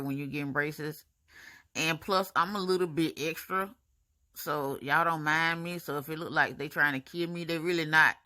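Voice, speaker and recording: Lady talking to her viewers, bright voice, casual and chatty, says y'all a lot. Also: deep voice. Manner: chatty, animated, talks to viewers as y'all, honey and baby. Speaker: vlogger narrating her braces appointment. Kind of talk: casual voice-over narration.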